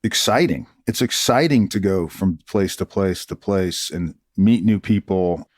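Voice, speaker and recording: A man's voice: low voice, a little slow, dry recording, studio quality. A middle-aged man, a retired army officer, telling stories in an interview and acting out the people he quotes. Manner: animated, acts out quoted dialogue. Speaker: retired army colonel, guest. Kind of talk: conversational storytelling interview.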